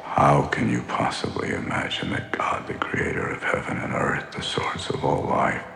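A gravelly hushed devil. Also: male voice, very deep voice, normal speed, whispered, full character voice. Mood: mocking. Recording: roomy film audio with music behind.

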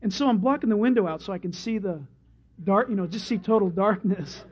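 A male pastor preaches with a high, lifted voice. He tells stories with animation and acts out the crowd. The recording is dull and lo-fi. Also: fairly quick, breathy edge. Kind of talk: sermon.

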